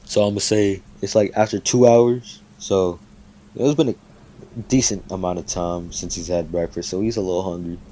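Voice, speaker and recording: A man's voice: low voice, fairly even intonation, moderate pace, dark tone. A man casually making up and telling a fan story, rambling with lots of fillers and swearing freely.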